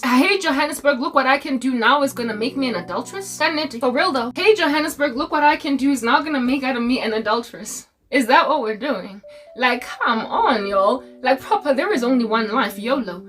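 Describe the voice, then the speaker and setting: South african woman in her 40s, high voice, chatty and slangy, a bit off mic with faint music behind. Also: brisk, recorded from a distance. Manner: animated, laughing often, slangy. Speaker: Christian content creator. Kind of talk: casual storytelling monologue.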